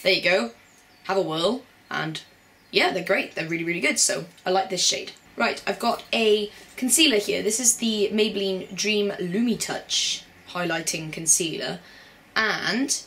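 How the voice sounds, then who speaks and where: A woman's voice: medium pitch, a little slow, a bit bright. A young woman, chatting casually and bubbly as a beauty vlogger. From Britain. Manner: bubbly and chatty, with playful put-on voices. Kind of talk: casual chat.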